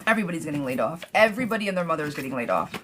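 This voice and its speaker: This tarot reader's voice sits low, and she talks very fast over background noise on her live stream. Blunt and chatty, she answers viewer questions with plenty of swearing, calls them girl and love bug, and swings from heated rants back to calm.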